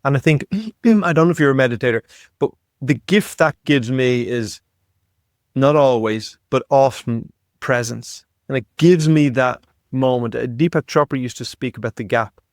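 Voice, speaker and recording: A man's voice: mid-range voice, normal speed, no room sound. Dry-voiced man telling a story. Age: 50s. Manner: animated storyteller, repeats words when excited. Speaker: podcast guest. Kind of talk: storytelling in conversation.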